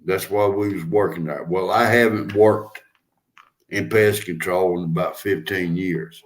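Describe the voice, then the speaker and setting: A man's voice: low voice, fairly even intonation, measured pace. An older man chatting casually as a host, telling stories in a folksy, drawling way. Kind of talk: casual chat.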